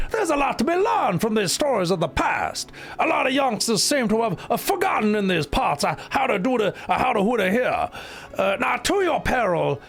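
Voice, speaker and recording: Guy doing a high gravelly old storyteller voice, drawly, bouncy, faint music. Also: fairly bright tone, exaggerated voice. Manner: drawling, hesitant, theatrical. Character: folksy old male storyteller NPC.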